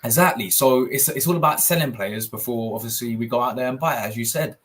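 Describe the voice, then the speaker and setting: A man's voice: medium pitch, fast talker, a bit bright. A man hosting a casual football podcast, agreeable and laid-back, calling his guest bro and man. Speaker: podcast host.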